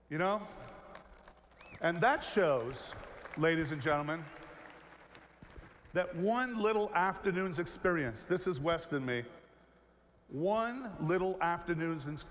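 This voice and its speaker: A man in his fifties, a keynote speaker telling a story to a large audience and acting out its characters. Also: high-pitched. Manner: animated, acts out the characters in his stories. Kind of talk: storytelling speech. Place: large hall, on stage. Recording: long hall reverb, faint noise.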